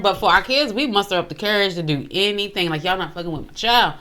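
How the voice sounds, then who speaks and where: A woman's voice: medium pitch, fast talker, sharp tone. Drawling woman reacting to clips. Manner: drawling, chatty, calls listeners honey. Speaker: reaction video host. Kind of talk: reaction commentary.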